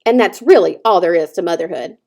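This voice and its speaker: A woman voicing a blunt, bossy old gray goose who speaks in brisk, scolding squawks, read from a storybook. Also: lowish voice, lively intonation, a little mellow.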